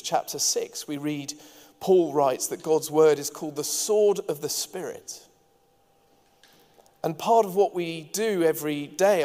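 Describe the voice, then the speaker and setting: A man's voice: fairly high pitch, darkish tone. A man preaching a sermon as pastor, earnest and engaging, with light asides to the congregation. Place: church hall. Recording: long hall reverb.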